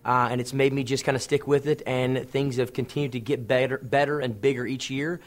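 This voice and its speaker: A man's voice: medium pitch, fairly quick. A young adult man, a TV host, telling stories from his career in a casual interview, acting out what others said. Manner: lively storyteller acting out quotes.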